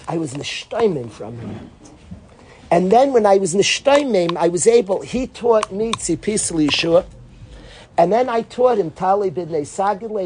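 A man, a rabbi and educator, giving an informal Torah talk as an animated storyteller who acts out dialogue. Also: high-pitched, husky.

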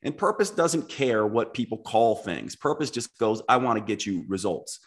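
A man's voice: fairly low pitch, animated, normal speed. A man speaking as a podcast guest, explaining his ideas earnestly and reflectively, step by step. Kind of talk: casual podcast conversation.

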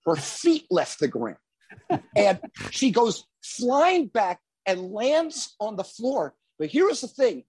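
A man spins a tour story in a casual, animated way, his pitch swinging freely. His voice is husky. The recording is dry and close. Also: dry recording. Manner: animated anecdote telling, lively. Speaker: guest musician.

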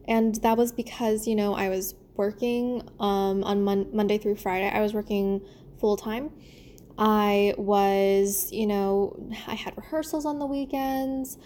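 A woman's voice: medium pitch, steady tone, a little slow, warm tone, slight background noise. A young woman who works in theater, talking in a casual, rambling monologue full of fillers and restarts. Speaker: theater performer.

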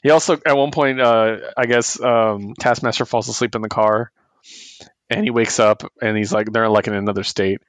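A man co-hosting a comic book podcast, retelling a story in a casual, animated way and laughing often. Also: lowish voice, moderate pace, dry recording. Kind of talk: casual chat.

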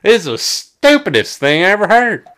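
A man from South Arkansas with a Southern accent, co-hosting a casual sports chat and ranting in an animated, exclamatory way. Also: high-pitched, moderate pace. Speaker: sports podcast co-host.

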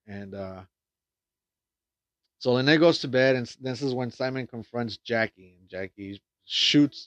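A man's voice: mid-range voice, dry recording. A man giving a casual plot recap and review of a film, rambling with lots of fillers and restarts and frequent swearing. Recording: dull lo-fi dry sound.

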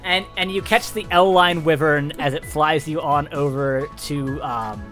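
A man running a tabletop game as its narrator, often tripping over and repeating his words. His voice sits slightly high. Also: a little slow, fairly bright tone, faint music behind. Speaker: game master.

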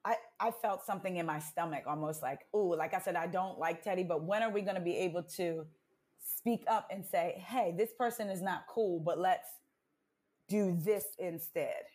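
A woman guest on a podcast speaks in a slightly low voice. She talks earnestly and thoughtfully, often pausing with hesitant fillers. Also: darkish tone. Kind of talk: casual podcast chat.

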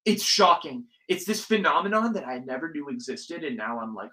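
A young man hosting a casual solo podcast, talking in an animated, ranting way and swearing freely. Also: a little high, moderate pace, few pauses, low-quality recording. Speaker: podcast host.

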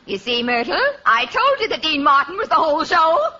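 A woman's voice: sits high, very animated, fairly quick, sharp tone, heavily acted. A woman voicing giddy young female fans in a 1940s radio comedy. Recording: distant, lo-fi, hissy old radio recording.

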